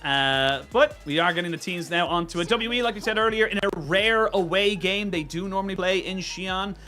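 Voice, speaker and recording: A male esports caster talks in a lively, joking way between games. His voice sits a little high and sounds bright and forward. Faint music plays under the broadcast. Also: normal speed. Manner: chatty and joking, thanks viewers warmly. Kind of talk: casual live esports commentary.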